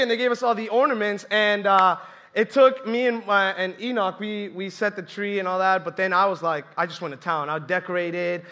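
Bright, high-voiced young man preaching. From Colombia. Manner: animated, chatty, full of acted-out quotes. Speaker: church speaker. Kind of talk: humorous sermon storytelling.

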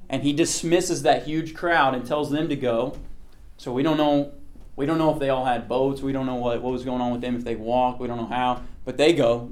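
A man teaching a casual Bible lesson to a group. He talks conversationally and keeps checking in with his listeners. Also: medium pitch.

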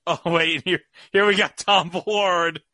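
A man commenting casually on a movie, playful and quick to agree. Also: high-pitched, fairly even intonation, bright, forceful tone, no echo. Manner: playful, chimes in with short agreements. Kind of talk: casual commentary over a film.

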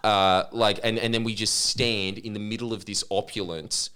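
A man's voice: on the low side, level tone, moderate pace, heavy background noise. A man, co-hosting a podcast and telling a long story in a rambling, self-mocking way. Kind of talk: casual storytelling chat.

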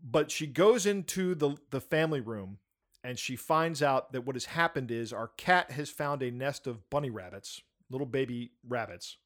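A man telling a funny story in casual chat, animated and acting out the shouts in it. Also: mid-range voice, moderate pace. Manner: animated, acts out shouts and voices in his story. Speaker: storyteller on a talk show.

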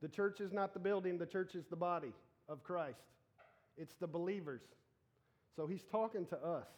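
A man preaching a casual sermon, animated and joking as he talks straight to the congregation. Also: high-pitched, moderate pace.

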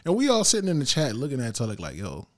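A man co-hosting a casual chat, joking and teasing in quick banter. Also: medium pitch, wildly swooping pitch.

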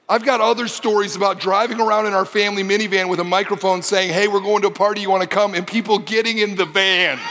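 A man preaching a sermon, telling a personal story with animated delivery that rises to shouting at the exciting moments. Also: high voice, fast talker, hardly any pauses, a little hiss or hum. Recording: long hall reverb.

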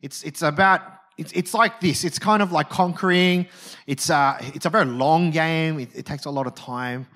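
A male preacher giving a conversational, animated sermon and often checking in with his listeners. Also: fairly high pitch, moderate pace.

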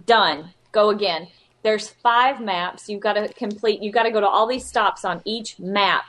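A woman's voice: mid-range voice, measured pace, a bit bright. A woman co-hosting a podcast in casual chat, telling a rambling, exasperated story and acting out the lines she quotes in exaggerated voices. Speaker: podcast co-host.

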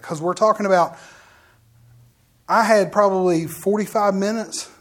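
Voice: medium pitch, a little slow, long pauses. A middle-aged minister tells a story as a sermon testimony. The minister talks straight to the congregation, with asides and frequent restarts. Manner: animated storytelling, often restarts mid-sentence; addresses the audience directly with asides.

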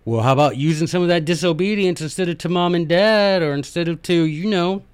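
A man's voice: a little high, a little fast, clear, resonant tone, no room sound. A middle-aged man with a light Southern US accent, hosting a folksy, chatty lecture full of emphatic asides. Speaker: host.

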